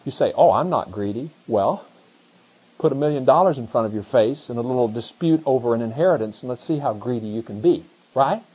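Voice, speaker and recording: Husky-voiced middle-aged man, pastor, preaching with animated emphatic questions. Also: mid-range voice, brisk, rough recording. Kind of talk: sermon.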